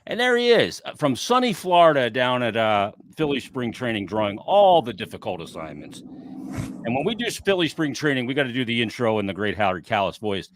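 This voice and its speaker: A man hosting a casual sports talk show, chatty and lively, leading the conversation and asking his co-host questions. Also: mid-range voice, brisk. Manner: lively, chatty, opens with an announcer-style intro. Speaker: podcast host.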